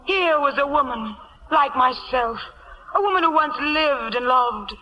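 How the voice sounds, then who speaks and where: A woman playing a vain, glamorous stage actress in a vintage radio drama, with an affected, breathy delivery. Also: high-pitched, animated, unhurried, pushed and bright, lo-fi sound, full character voice. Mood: dramatic, wistful. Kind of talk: 1940s radio acting. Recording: old radio broadcast with faint hiss.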